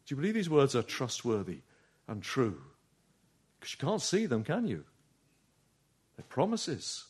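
A man's voice: medium pitch, wildly swooping pitch, unhurried, husky. Earnest male preacher, rhetorical questions. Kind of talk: sermon.

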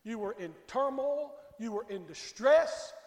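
A male preacher with a strikingly high-pitched voice delivers a folksy, emphatic sermon, calling out members of his congregation by name. The sound is roomy and full of echo, and it rings on in the church sanctuary. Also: expressive, a little slow. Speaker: pastor. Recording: echoey hall with long reverb.

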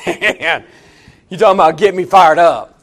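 A middle-aged man preaching a sermon as pastor. He swings from hushed asides to shouted, emphatic refrains. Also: fairly high pitch, moderate pace.

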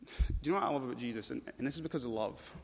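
A man preaches a rapid-fire sermon, emphatic and repeating words to build his point, swinging from loud urgency to low intensity. A long church-hall reverb fills the recording.

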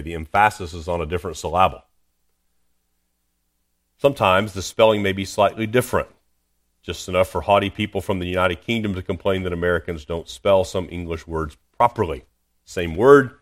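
Deep-voiced man preaching a sermon. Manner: earnest preaching with frequent restarts and repeated words. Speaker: pastor.

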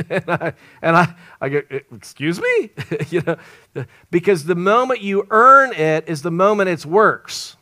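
Animated preaching man, dry sound. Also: high-pitched, unhurried, no room sound. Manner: animated storytelling with laughs and joking asides. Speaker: traveling evangelist preacher. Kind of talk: sermon.

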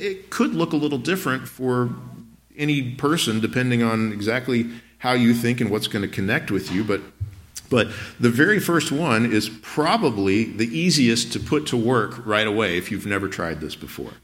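A man's voice: medium pitch, animated, normal speed, fairly bright tone. A male pastor giving a sermon in a conversational, earnest way, often putting questions to the congregation.

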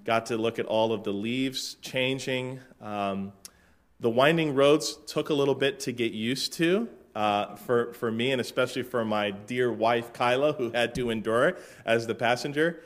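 A man from Florida, a pastor in middle age, opens his sermon with a relaxed, chatty story. His voice is mid-range and easygoing, with dry asides and plenty of filler words. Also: medium pitch, measured pace. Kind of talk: casual sermon-opening story.

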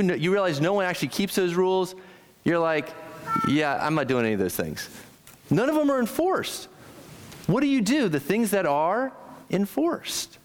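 A man preaching a sermon, animated and conversational, often asking the congregation questions and acting out quoted lines. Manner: acts out quoted speech with sharp jumps in pitch. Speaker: pastor.

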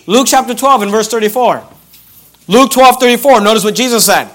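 A pastor with an extremely high, slightly bright voice preaches a sermon and reads scripture aloud. He drives his points home by repeating key phrases and drawing verses out slowly.

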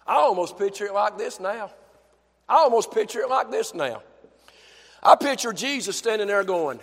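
A male preacher delivering a fervent sermon in a church, dropping to a hush and then building to shouts with repeated phrases. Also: sits high, expressive, normal speed, in a large hall.

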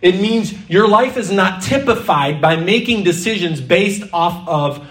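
A man preaching a sermon in a church hall, lively and theatrical, sometimes slipping into mock-panicked voices. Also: high voice, unhurried, distant mic. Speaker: pastor.

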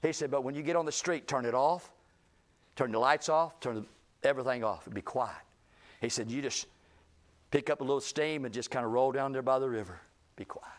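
A man's voice: medium pitch, brisk. A male pastor telling a story in a sermon, acting out the people he quotes with rising intensity. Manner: animated, acts out quoted speech with rising intensity.

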